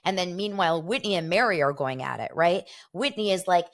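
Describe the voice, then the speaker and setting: Woman host, gossipy casual chat, slightly low voice, laughs a lot, rambling. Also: lively intonation, brisk, few pauses.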